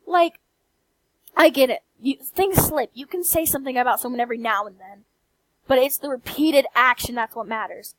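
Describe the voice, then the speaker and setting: Young woman, country accent, soft-spoken late-night rant, blunt and candid, swears, dry close sound. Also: high-pitched, moderate pace, dry recording, low-quality recording. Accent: American country. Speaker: vlogger. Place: quiet room late at night.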